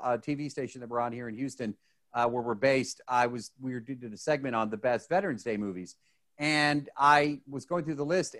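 A man, co-hosting a podcast in casual chat. He talks excitably and rambles, with many restarts. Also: medium pitch. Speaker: podcast co-host.

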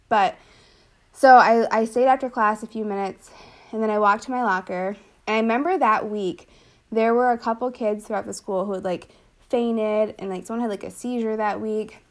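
Young woman, casual chat, chatty, lots of fillers, middle pitch. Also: fairly even intonation, normal speed. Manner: chatty, many fillers, laughs often. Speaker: older sister telling her story. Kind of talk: casual conversation.

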